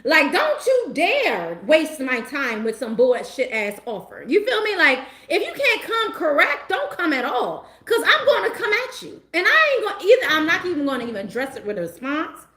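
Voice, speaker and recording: Animated laughing woman tarot reader. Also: high-pitched, normal speed, few pauses, roomy sound. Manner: animated, laughing, slangy and emphatic. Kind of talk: casual livestream chat.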